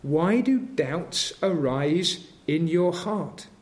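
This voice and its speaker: A man's voice: a little high, expressive, drawn-out words. A man preaching a sermon, earnest and building to emphatic intensity as he quotes scripture.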